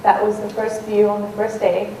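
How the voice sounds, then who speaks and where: A woman's voice: mid-range voice, little pitch movement, normal speed, warm tone. Woman speaker, casual storytelling talk with ums, distant mic, faint hum behind. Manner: conversational, with frequent ums and restarts. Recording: roomy and distant with faint noise.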